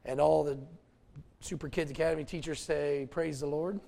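A male pastor preaching a folksy, animated sermon with asides to the congregation. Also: fairly high pitch, moderate pace, vocal fry.

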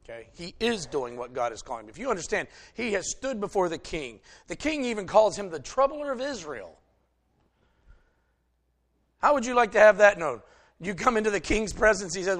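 A male preacher delivering a sermon, retelling a story and swinging between loud emphasis and hushed asides. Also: high voice, sing-song, moderate pace.

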